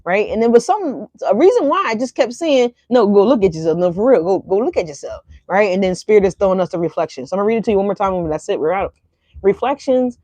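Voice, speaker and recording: A woman's voice: mid-range voice, darkish tone, dry recording. Chatty woman hosting a casual tarot reading, mid-range voice, close and dry. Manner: chatty, tags lines with "right?" and "y'all". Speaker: tarot reader.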